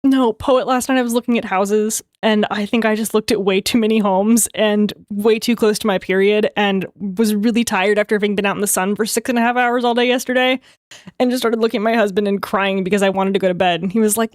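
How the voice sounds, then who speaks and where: A young adult woman livestreamer in rambling, casual chat, quick to laugh. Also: medium pitch, fairly even intonation, dry recording, studio quality.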